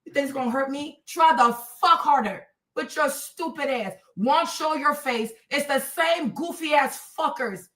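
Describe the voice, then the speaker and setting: A woman in her thirties hosting a livestream, ranting at her chat in a combative, profane, mocking way with loud, emphatic repetition. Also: high-pitched, measured pace, hardly any pauses. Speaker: livestream host.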